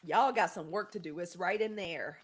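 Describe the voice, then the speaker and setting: A woman in her forties hosting a livestream, talking candidly and emphatically straight to her audience, shouting out viewers by name and swearing, then apologizing for it. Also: lowish voice, normal speed, husky. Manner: greets viewers by name and thanks them for gifts. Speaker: host. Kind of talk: solo livestream commentary.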